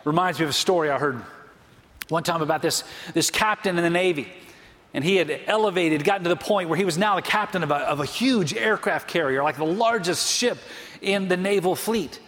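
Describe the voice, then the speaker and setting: A man's voice: sits high, a bit bright. Male pastor, sermon, emphatic storytelling, long hall reverb. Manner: storytelling preacher, emphatic slow phrases.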